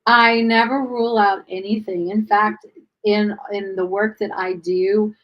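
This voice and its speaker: Earnest woman explaining calmly. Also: medium pitch, a little slow, dull audio. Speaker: host. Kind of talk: casual chat.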